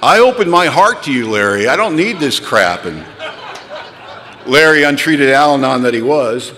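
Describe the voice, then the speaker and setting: Man, recovery speaker, wry and candid storytelling, forceful tone, reverberant hall. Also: big pitch swings, moderate pace, slight background noise. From California. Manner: candid, wry storytelling that drops low and quiet, then rises to pleading intensity. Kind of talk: recovery talk at a retreat.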